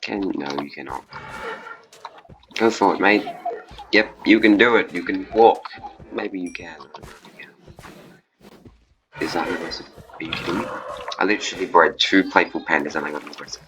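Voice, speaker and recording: A man doing casual gameplay commentary as a let's play host, excitable and chatting to the animals in his game. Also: deep voice, moderate pace, pauses often, noisy background.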